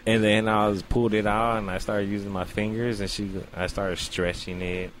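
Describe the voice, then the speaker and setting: A man co-hosting a casual talk show, telling a story in an animated, profane way and acting out his own reactions. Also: lowish voice, normal speed, a little hiss or hum. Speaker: podcast co-host.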